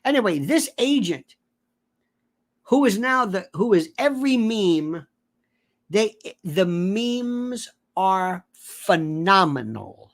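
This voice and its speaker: In an animated political commentary monologue, a man rambles theatrically and expressively, speaking slowly while his pitch swings widely between lines. He often corrects himself partway through sentences and imitates the voices of those he's talking about.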